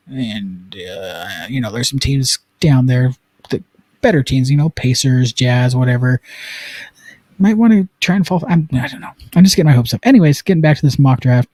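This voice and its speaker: A man from Utah hosting a casual sports live stream, chatty and excitable, with lots of fillers. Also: medium pitch, a little fast, no room sound. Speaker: sports podcast host.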